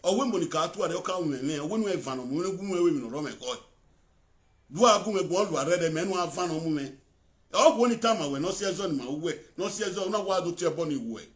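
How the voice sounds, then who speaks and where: A man with a Nigerian accent hosting a live video talk show. He speaks briskly and chimes in with short replies. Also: fairly high pitch, lively intonation.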